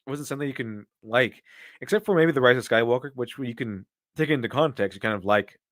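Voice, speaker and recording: A man's voice: mid-range voice, a bit bright, no room sound, studio quality. A man doing casual live-stream commentary and answering viewer donations, with rambling, opinionated talk full of restarts.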